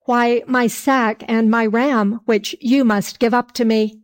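A woman voicing a hot-tempered, drunken peasant man in a fairy tale, read slowly. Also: a little high, fairly even intonation. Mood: angry.

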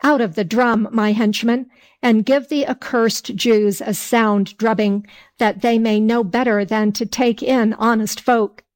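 Woman doing a cranky drunk peasant guy from a folk tale, slow storybook read. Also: on the high side, steady tone, darkish tone, lightly acted. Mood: angry. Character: hot-tempered drunken peasant man.

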